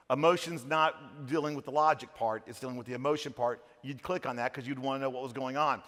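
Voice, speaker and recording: A middle-aged man giving an energetic, jokey conference keynote, swinging between hushed asides and shouting. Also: on the high side. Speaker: conference speaker. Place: large conference hall. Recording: long hall reverb. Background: hall reverb.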